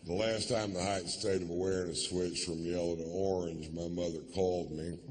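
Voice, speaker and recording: A man doing a stand-up comedy routine on stage, with profane, drawling storytelling that builds into loud rants. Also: sits low, flat delivery, fairly quick, slight background noise. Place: live stage show.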